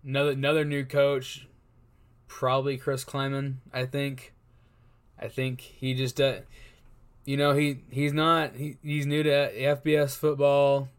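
A man's voice: medium pitch, flat delivery, unhurried, clear, resonant tone. A man co-hosting a casual sports chat, rambling and repeating words as he works out his guesses. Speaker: co-host.

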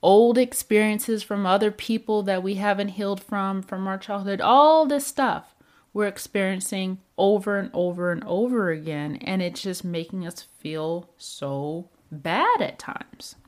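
A woman speaks slowly and unhurriedly, her voice sitting at an ordinary middle pitch. She talks like a self-help coach, calm and reflective, asking the listener question after question as she works through feelings. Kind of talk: reflective motivational talk.

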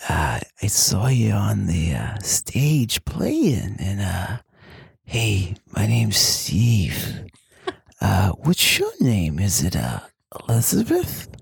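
A man voicing an awkward, soft-spoken barfly from Queens who makes halting come-ons. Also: on the low side, huge pitch swings, creaky, husky, dry recording, studio quality, voice pushed down, exaggerated voice. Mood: shy flirting.

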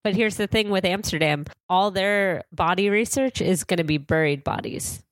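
A woman's voice: medium pitch, moderate pace, dry recording. A woman hosting a podcast in casual chat, laughing often as she shares researched facts. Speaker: podcast host.

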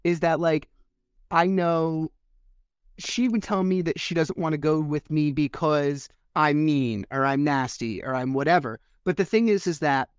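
A man's voice: a little high, a little slow, smooth, no room sound, clean studio sound. A man hosting a podcast interview, talking emphatically, acting out quoted voices and swearing casually. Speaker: podcast host. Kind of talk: conversational interview.

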